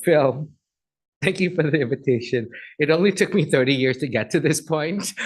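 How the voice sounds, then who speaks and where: A man's voice: a little high, moderate pace, breathy edge, low-quality recording. A middle-aged man giving a chatty, effusive guest speech at an agency event, then taking audience questions.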